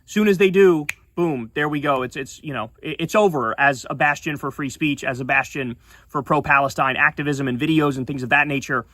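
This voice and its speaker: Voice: mid-range voice, fairly bright tone, no room sound. Profane, indignant livestream ranter. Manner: profane, indignant, fast-talking. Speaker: streamer and political commentator. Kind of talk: casual livestream rant.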